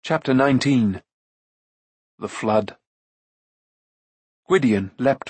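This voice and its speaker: Husky male fantasy narrator. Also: medium pitch, unhurried, no room sound. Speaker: audiobook narrator.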